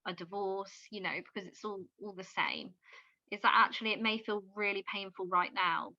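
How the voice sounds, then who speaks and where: Bright-voiced woman on a dull recording. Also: mid-range voice, no echo. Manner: gentle and encouraging. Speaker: podcast co-host. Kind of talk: supportive conversation.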